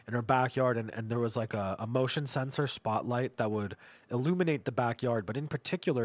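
A man's voice: medium pitch, no echo. Foul-mouthed man telling stories. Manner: profane, rambling, jokey. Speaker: podcast host. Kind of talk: comedic storytelling monologue.

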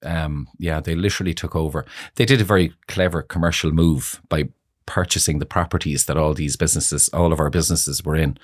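A man's voice: rumbling low, fairly even intonation, fairly quick, few pauses, no room sound, clean studio sound. A middle-aged man, a salon owner, telling stories in a chatty interview with frequent laughs and "you know". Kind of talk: casual interview storytelling.

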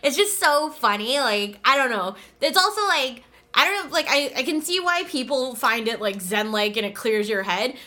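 A woman's voice: high voice, normal speed, sharp tone. A woman co-hosting a podcast from home, telling a story in casual chat, acting out quotes and laughing often. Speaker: podcast co-host.

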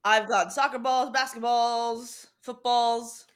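A woman's voice: on the high side, steady tone, slow. Young woman, self-deprecating podcast chatter. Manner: playful, self-deprecating storytelling. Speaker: podcast co-host. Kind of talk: casual chat.

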